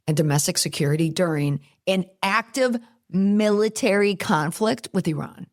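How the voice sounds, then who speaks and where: A middle-aged woman hosting a commentary podcast, talking in a wry, chatty way with quick asides. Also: fairly low pitch. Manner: wry, chatty, laughs at her own asides. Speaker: podcast host.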